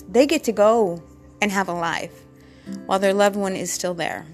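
Woman recounting a hard day at work, earnest and halting, repeats phrases, mid-pitched, soft guitar underneath. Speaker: respiratory therapist. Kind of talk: personal storytelling.

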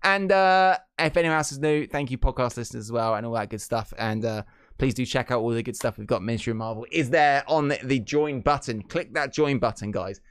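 A man co-hosting a casual podcast, talking in an average-pitched voice. He jokes and laughs a lot and gets excitable. The sound is dry and close to the mic. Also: fairly quick, smooth, no echo. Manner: jokey, excitable, laughs often. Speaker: podcast co-host. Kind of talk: casual chat.

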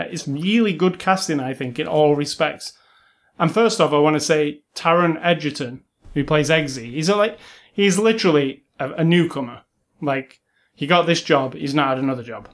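A man co-hosting a casual film review chat, rambling and enthusiastic, with lots of fillers and restarts. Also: fairly high pitch. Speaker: film podcast co-host.

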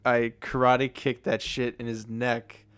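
A man's voice: medium pitch, little pitch movement, a little slow, a bit bright, clean tone. A young man co-hosting a comedy podcast, playing along in an improv bit with stumbling restarts and frequent laughter. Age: young adult. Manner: hesitant, giggly, stumbling restarts. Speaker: podcast co-host. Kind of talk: casual improv chat.

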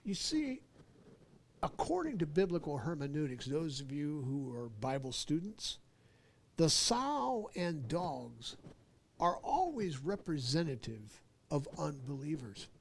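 A man preaching a sermon in an emphatic way, repeating key phrases and slowing down to stress words. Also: a little high, very animated, gravelly.

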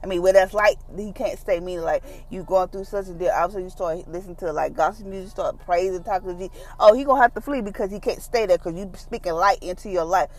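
A woman's voice: fairly low pitch, fast, few pauses, darkish tone. Woman giving a chatty casual devotion. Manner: conversational, acts out quoted voices; informal, down-to-earth phrasing. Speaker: devotional speaker.

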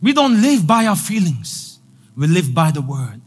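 A male pastor preaching a sermon, repeating lines for emphasis and building to loud declarations. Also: a little high, very animated, a little slow, husky, soft background music.

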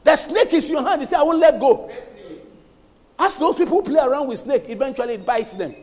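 A male pastor with a strikingly high voice preaches a sermon, very animated and at a quick pace. He hammers his points home emphatically and quizzes the congregation to finish his sentences, while a church hall's long reverb rings around him.

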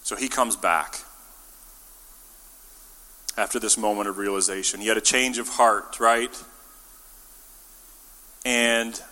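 A man delivers a conversational sermon, casual and playful, slipping into little acted-out voices for the people in his story. His tone is bright and forceful. A long reverb trails after him, as in a large church. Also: medium pitch. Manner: casual and jokey, acts out quotes. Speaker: preacher.

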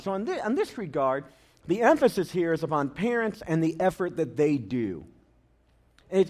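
A man preaching a sermon as a pastor, talking conversationally and telling funny stories to the congregation. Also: a little high. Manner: conversational and humorous, tells anecdotes.

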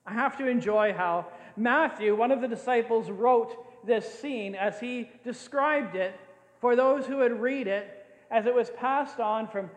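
A man's voice: very high-pitched, measured pace. An older man preaching a sermon as a pastor, playful and often laughing as he acts out scenes. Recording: echoey hall with long reverb.

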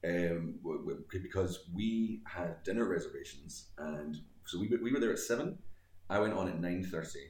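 A man's voice: low voice, expressive, normal speed, a little mellow, echoey room. A Scottish man, a guest comedian, telling long rambling anecdotes in a casual podcast chat with many fillers. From Scotland.

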